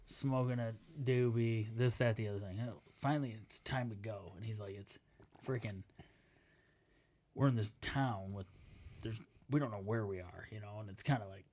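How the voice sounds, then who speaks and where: A man co-hosting a casual podcast, telling a story with lively acted-out quotes and laughing as he talks. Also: lowish voice, moderate pace. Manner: animated storyteller, acts out quotes, laughs while talking. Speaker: podcast co-host.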